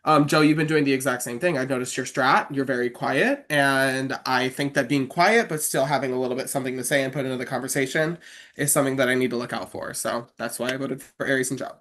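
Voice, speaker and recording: Measured, observant game contestant. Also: medium pitch, steady tone, a bit bright. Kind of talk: casual game talk.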